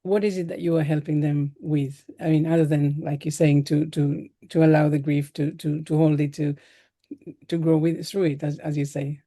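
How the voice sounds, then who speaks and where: Soft-toned woman host, halting questions. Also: deep voice, flat delivery. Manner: halting, many restarts. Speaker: podcast host. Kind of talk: casual interview.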